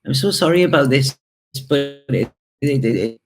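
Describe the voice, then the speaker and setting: A man at a middle pitch gives a spirit-message reading to his viewers. He talks haltingly, restarts often and breaks off into heartfelt asides while relaying what he senses. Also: lively intonation. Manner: hesitant and repetitive, with many fillers and emotional asides. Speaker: tarot reader. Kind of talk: intuitive spirit reading to camera.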